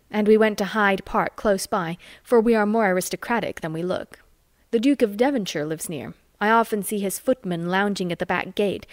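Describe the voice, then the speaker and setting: A woman reading a novel chapter aloud with lively, expressive storytelling. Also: medium pitch, no echo, clean studio sound. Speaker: audiobook reader.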